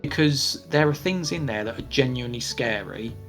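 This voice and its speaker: A man co-hosting a podcast, answering listener questions in a measured, hedging way as he thinks aloud. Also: medium pitch, lively intonation, a bit bright, soft background music. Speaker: podcast co-host. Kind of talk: casual Q&A chat.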